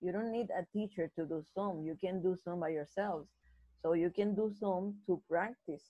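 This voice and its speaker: Woman teaching a slow English grammar lesson. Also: fairly low pitch, dry recording, dull audio. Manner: slow, repetitive explaining with frequent restarts. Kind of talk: live online grammar lesson.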